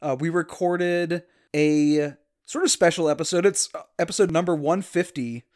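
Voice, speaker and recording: A man's voice: on the high side, normal speed, a little mellow. A man from Louisiana hosting a podcast, talking casually and laughing often. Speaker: podcast host.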